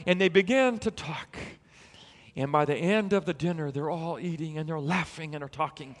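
High, bright-voiced preacher in a hall. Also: male voice, normal speed. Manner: animated storytelling, rising to emphatic peaks. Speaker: pastor. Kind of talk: sermon.

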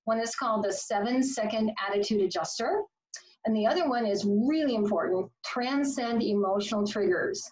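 A woman life coach giving an upbeat, playful motivational talk to camera. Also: mid-range voice. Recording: slightly distant, dull sound.

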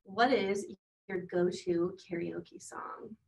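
A woman's voice: fairly low pitch, slow pace, creaky, distant mic, low-quality recording. A woman co-hosting a podcast, chatting casually and telling a story with lots of laughter. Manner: animated storyteller, laughs often. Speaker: podcast co-host. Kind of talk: casual chat.

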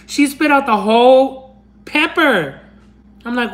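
This livestream host's voice sits high with lively intonation, and she speaks slowly on a rough recording. A young woman whose first language is Spanish, she affectionately reads fan notes, says honey and my love, and rambles along with restarts and laughs.

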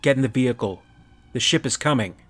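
A man's voice: mid-range voice, fast talker, natural voice. A man voicing a commanding, impatient male marine captain who barks orders. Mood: urgent. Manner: barking orders, clipped military talk.

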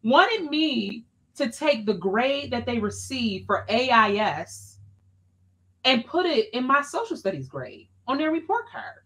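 A woman, an education scholar, telling a personal story as a podcast guest in an animated, expressive, colloquial way. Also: on the high side, a little slow.

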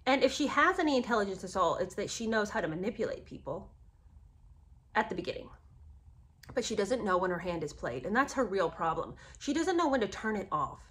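Animated, indignant woman with lively pitch. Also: brisk. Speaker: commentator. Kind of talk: casual commentary on a book.

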